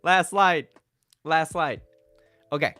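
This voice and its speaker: A man's voice: on the high side, takes it slowly, faint music behind. A man coaching on dating over slides, casual and joking as he talks. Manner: joking and animated.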